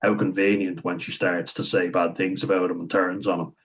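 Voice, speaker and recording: A man's voice: low-pitched, level tone, brisk, slightly rough, rough recording. An Irish man talking through a series in casual commentary, blunt and chatty, acting out the quoted lines as he goes. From Ireland.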